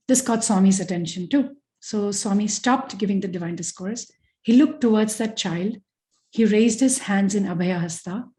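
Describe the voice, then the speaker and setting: A woman giving a devotional talk, telling stories earnestly and expressively at a quick pace. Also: medium pitch, rough recording. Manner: earnest and expressive, quick narration with acted quotes. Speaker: spiritual speaker.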